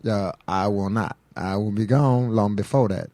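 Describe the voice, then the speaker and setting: A man co-hosting a comedy podcast, teasing the others in a laid-back, deadpan way. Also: on the low side, moderate pace, dry recording. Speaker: podcast co-host.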